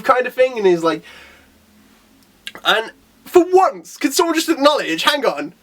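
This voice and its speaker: A young man with a fairly high voice gives a casual, excitable manga review. He rambles, laughs often and keeps slipping into quick character impressions.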